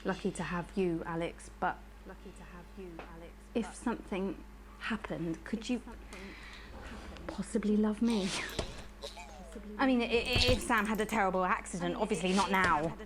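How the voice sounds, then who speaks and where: A woman's voice: mid-range voice, normal speed, background noise, close to an everyday voice. A woman playing a posh, creepily pleading news anchor. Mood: obsessive. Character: polished female TV news anchor, unsettling. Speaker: news presenter. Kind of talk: live broadcast sign-off, in character.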